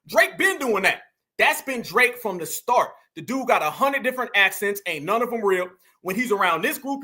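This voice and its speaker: A man hosts an opinionated commentary stream, emphatic and preachy, calling out to his viewers. His voice is high, pushed and bright.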